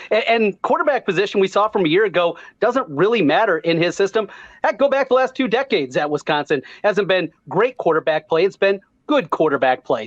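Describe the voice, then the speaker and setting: High-voiced man, muffled dry line. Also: no room sound. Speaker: podcast guest. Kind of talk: casual panel chat.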